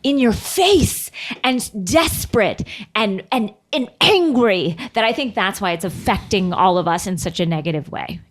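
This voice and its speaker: A woman hosting a podcast, chatting casually and gossipy, animated and quick to laugh. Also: mid-range voice. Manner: animated, expressive, laughs often. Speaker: podcast host.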